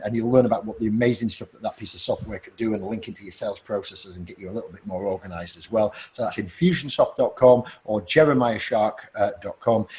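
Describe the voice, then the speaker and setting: A man's voice: mid-range voice, darkish tone. A man hosting a podcast, chatting casually with a guest and telling stories. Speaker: podcast host. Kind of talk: casual interview chat.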